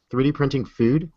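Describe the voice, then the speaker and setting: A man's voice: mid-range voice, slightly rough, dry recording. A man co-hosting a casual chat, rambling and hesitant as he talks through news. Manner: rambling, hesitant, lots of ums. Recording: dull lo-fi audio.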